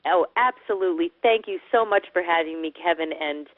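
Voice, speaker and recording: A woman's voice: fairly low pitch, fairly quick, dry recording. Nj woman on the phone, chatty, laughs a lot, tinny dry line. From New Jersey, USA. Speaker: guest, former radio personality. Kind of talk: phone-in interview chat.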